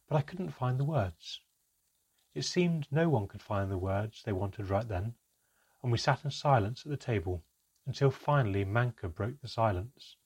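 A man reading a storybook aloud, with steady first-person narration. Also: medium pitch, breathy edge.

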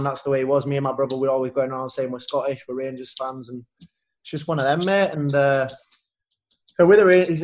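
A man with a broad Yorkshire accent in a casual podcast chat, easygoing and matey, calling everyone "mate". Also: mid-range voice. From England (Leeds). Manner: laughing, matey, peppers talk with "mate". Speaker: footballer guest on a podcast.

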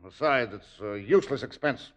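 A man's voice: mid-range voice, expressive, normal speed, a bit bright, natural voice. An actor playing a stammering, cringing stepfather. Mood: wheedling. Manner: stammering, wheedling. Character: sly cowardly middle-aged stepfather, blustering then cringing. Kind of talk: 1940s radio acting. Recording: dull old radio recording.

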